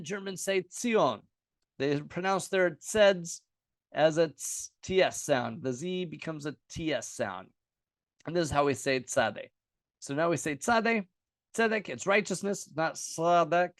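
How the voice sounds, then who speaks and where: A man's voice: fairly high pitch, dry recording. A man teaching a casual lesson at a whiteboard, playful and jokey, repeating sounds aloud as he writes. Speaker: Bible teacher.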